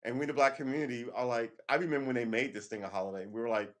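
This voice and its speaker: A man in mid-pitch hosts his own livestream in a loose, unscripted rant. He talks with heated emphasis and curses freely. He breaks up his points with short laughs and a tag of "right?". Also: steady tone, very fast, fairly bright tone. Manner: heated and emphatic, often swearing; keeps asking "right?" and laughs between points. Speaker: livestream host.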